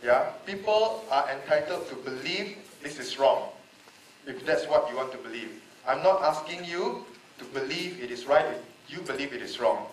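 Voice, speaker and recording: A man's voice: medium pitch, animated, moderate pace, a little hiss or hum. A man from Malaysia giving an emotional, pleading speech in a public debate, repeating rhetorical questions. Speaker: panel speaker. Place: large echoey hall. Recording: echoey hall, voice a bit far off.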